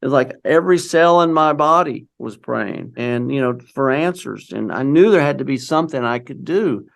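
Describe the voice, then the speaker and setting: A middle-aged man with a gravelly, mid-range voice tells a personal story in a relaxed, conversational way. He rambles and restarts often, acting out what other people said to him as he goes. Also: mid-range voice, normal speed. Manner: rambling, with many restarts and quoted dialogue. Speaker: guest telling his story. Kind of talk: casual storytelling.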